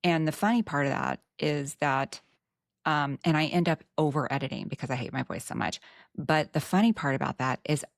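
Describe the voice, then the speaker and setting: Texan lady podcaster, low voice, close dry mic, thoughtful and frank. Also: a little fast, vocal fry, no echo. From Texas. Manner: earnest and reflective, frank asides. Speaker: podcast host. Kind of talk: casual podcast conversation.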